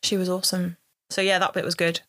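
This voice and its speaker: A woman's voice: on the low side, little pitch movement, fast, pushed and bright. A young woman co-hosting a podcast in casual chat, dry and teasing, steering the talk back on track. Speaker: podcast co-host, teacher.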